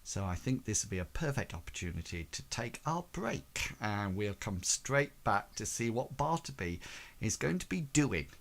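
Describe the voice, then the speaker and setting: A man's voice: on the low side, very animated, moderate pace, creaky, a bit bright. A man narrating as game master, rambling and full of "sort of, like" fillers.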